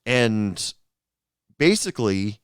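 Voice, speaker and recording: Man, host, casual rambling storytelling, low voice, dry close sound. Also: sing-song, clean tone, no room sound. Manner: rambling, halting, many fillers and restarts. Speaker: podcast host, former bartender.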